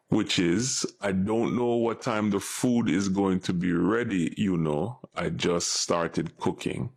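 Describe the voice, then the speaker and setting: Slow, gravelly Jamaican man. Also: fairly low pitch, expressive. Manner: measured, translating line by line. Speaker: language teacher. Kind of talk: explaining phrases.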